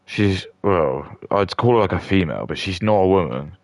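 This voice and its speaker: Brief: man, extremely low, crackly voice, dry sound, crude rambling rant. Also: animated, moderate pace, darkish tone, dry recording. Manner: rambling, crude, with many restarts and fillers. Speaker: streamer. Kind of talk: mock rant commentary.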